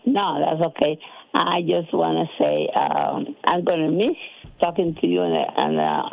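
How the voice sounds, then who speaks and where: A woman's voice: deep voice, wildly swooping pitch, normal speed, vocal fry, darkish tone, no room sound, low-quality recording. An older woman calling in to a radio show, sweetly chatting. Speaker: caller. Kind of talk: phone-in chat.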